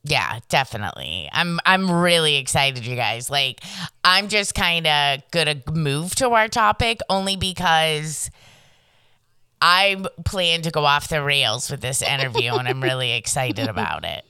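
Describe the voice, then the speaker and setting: Brash, lively woman with a bright voice. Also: sits low, measured pace, clean tone, no echo, clean studio sound. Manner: brash, profane, laughing often. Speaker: podcast co-host. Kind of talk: casual chat.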